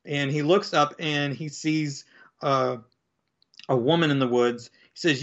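A man chatting casually as he recaps a comic book, rambling with lots of fillers and slipping into quick character voices. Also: a little high, fairly bright tone, dull audio. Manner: rambling, filler-heavy, acts out quoted lines in different voices.

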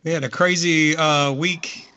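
A man's voice: fairly high pitch, steady tone, a little slow, sharp tone, clean tone. A man co-hosting a podcast over a video call, chatting casually and rambling with lots of hesitations. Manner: rambling, hesitant with many fillers. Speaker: podcast co-host. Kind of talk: casual chat. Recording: slightly dull lo-fi audio.

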